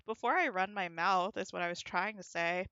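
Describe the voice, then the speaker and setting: Bright-voiced chatty American woman streamer. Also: mid-range voice, moderate pace, dry recording, muffled recording. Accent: neutral American. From United States. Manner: chatty, reads out and answers chat messages; rising inflection at sentence ends. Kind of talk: casual live-stream chat while playing.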